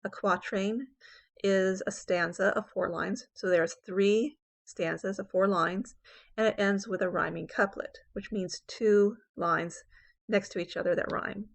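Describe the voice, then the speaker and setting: A woman's voice: mid-range voice, steady tone, a little slow, creaky. A woman English professor giving a recorded poetry lecture, explaining step by step and often saying "okay" between points.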